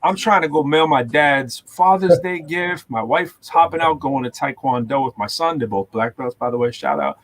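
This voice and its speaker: A man in casual chat, talking in an animated, rambling way and filling his speech with "you know what I'm saying". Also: a little high, normal speed, few pauses. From Massachusetts.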